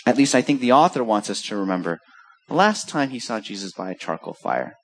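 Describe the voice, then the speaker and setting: A man preaching a sermon, telling a story with lively acted-out quotes. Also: lowish voice, fairly quick. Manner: animated storytelling, acts out quoted voices. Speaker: pastor.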